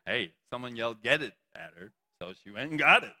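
A man's voice: mid-range voice, animated, brisk, sharp tone, big-room sound. A young man preaching a sermon to a youth group, playful and joking between points. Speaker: youth pastor.

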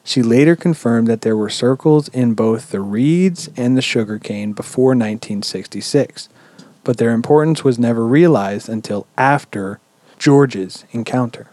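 A man hosting a podcast, telling a story in a relaxed, chatty way with lots of "um"s and casual swearing. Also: medium pitch, normal speed, no echo. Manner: relaxed, swears freely, many "um"s. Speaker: podcast host.

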